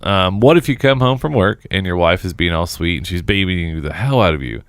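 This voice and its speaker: Deep-voiced joking podcast man. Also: lively intonation, fairly quick, clean tone, dry recording, clean studio sound. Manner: joking, crude questions with laughs. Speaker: podcast co-host. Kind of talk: casual chat.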